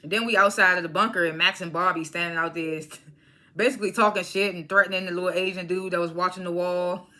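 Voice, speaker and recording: Talking fast, a woman reviews a TV drama episode in a loose, conversational recap vlog. Her voice is a little low yet bright and forward, and she acts out characters' lines with lots of laughter as she animatedly retells it.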